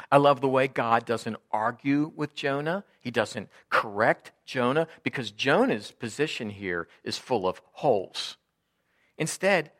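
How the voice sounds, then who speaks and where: A male preacher delivers a sermon in a storytelling way, calling his listeners friends. His pitch swings widely as he moves between plain narration and acted-out lines. He sits in the middle range, neither high nor low. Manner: acts out quoted lines with shifting pitch and loudness.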